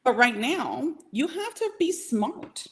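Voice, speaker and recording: A woman's voice: high-pitched, very animated. Emphatic woman coaching small business owners. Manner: emphatic, coaching, keeps asking "okay?" and "right?"; direct and motivational, speeds up and slows down. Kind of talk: live training talk.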